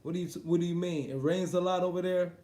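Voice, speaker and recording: A man's voice: high voice, steady tone, quick pace, warm tone. Profane laughing man streaming in a roomy echo. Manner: profane, laughing, talks straight to viewers. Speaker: sports talk streamer. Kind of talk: casual livestream chat about boxing.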